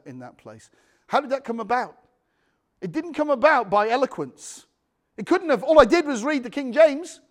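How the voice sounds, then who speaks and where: Man, high voice, preaching in church, anecdotal, restarts, asks for amens. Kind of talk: sermon testimony.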